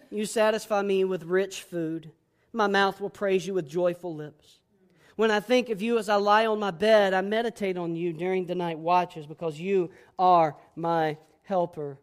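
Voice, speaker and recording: A man preaching a sermon as pastor, boisterous and emphatic, swinging between loud declarations and hushed, soft passages. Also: sits high, clear, resonant tone.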